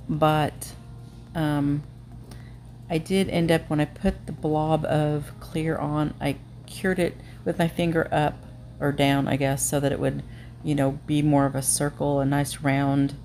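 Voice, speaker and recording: Lady talking thru her nail art tutorial, kinda low voice, lots of ums, laughs at herself, faint background hum. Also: flat delivery, measured pace, a little mellow. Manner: chatty and self-deprecating, many fillers. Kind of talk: casual tutorial narration.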